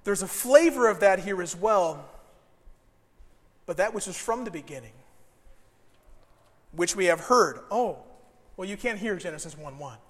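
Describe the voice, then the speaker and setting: A high-voiced man preaches a sermon in a church, with a long reverb trailing his words. He tells stories animatedly and acts out the quotes he gives. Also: unhurried, pauses often. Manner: animated storytelling with acted-out quotes. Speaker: pastor.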